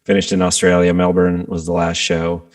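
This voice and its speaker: A man, a guest rock guitarist, telling stories in a casual interview and acting out quotes with sudden jumps in pitch. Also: normal speed. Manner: animated storyteller, acts out quotes with jumps in pitch.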